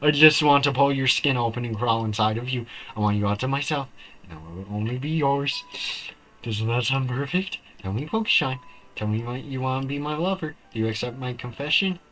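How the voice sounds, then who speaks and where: A man's voice: mid-range voice, a little fast, a bit bright, slight background noise, lightly acted, low-quality recording. A man reading aloud the lines of an obsessive young woman confessing her love in a game, with an intense, pleading delivery.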